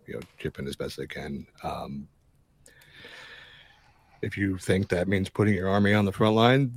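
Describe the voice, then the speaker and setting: A man speaking in character as a player in a tabletop game, in an earnest, measured way. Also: deep voice, husky, dry recording. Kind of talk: in-character tabletop role-play.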